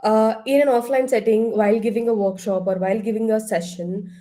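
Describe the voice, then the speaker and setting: A woman leading an online counseling workshop, asking the group questions and now and then clearing her throat. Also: fairly high pitch, steady tone, a little fast, mellow. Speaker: workshop trainer. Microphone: laptop far across the room.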